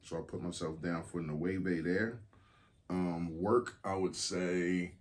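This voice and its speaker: Deep-voiced man, laid-back podcast host. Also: steady tone, slow pace. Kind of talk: casual chat.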